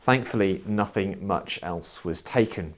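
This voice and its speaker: A man preaching a sermon, telling stories in an expressive, wry manner. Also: deep voice, unhurried, heavy background noise. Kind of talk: sermon with personal storytelling.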